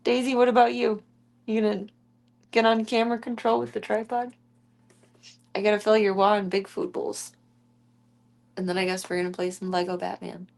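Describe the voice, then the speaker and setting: A woman's voice: medium pitch, little pitch movement, moderate pace, creaky, long pauses, darkish tone. Giggly woman cooing at her kittens. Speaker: streamer. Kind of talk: casual chat with her cats.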